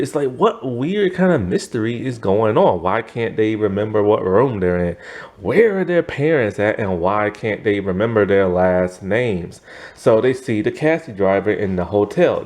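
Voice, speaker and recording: A man's voice: medium pitch, a little mellow. A man recapping a story in a casual, rambling way, filling his talk with "like" and "you know" and often chuckling. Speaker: reviewer.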